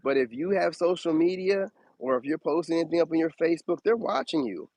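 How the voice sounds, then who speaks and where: Casting: animated male streamer, preachy, highish voice, close dry mic. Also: quick pace, no echo, poor audio. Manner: animated, preachy, swoops up high for emphasis. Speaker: spiritual advice streamer. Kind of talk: casual live-stream monologue.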